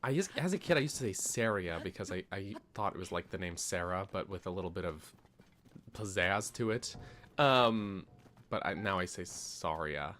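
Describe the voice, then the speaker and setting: A man's voice: sits low, lively intonation, moderate pace, fairly bright tone. A man casually chatting while playing a video game on stream, joking about how words are said and laughing at himself often. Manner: playful, self-mocking, laughs often. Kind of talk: casual gameplay commentary.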